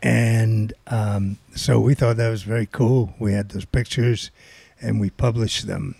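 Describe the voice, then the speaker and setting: Older male storyteller, raspy and mellow, dry close sound, animated delivery. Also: lowish voice, measured pace, no echo. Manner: rambling, animated storytelling with quoted voices. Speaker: guest storyteller. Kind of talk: casual anecdote telling.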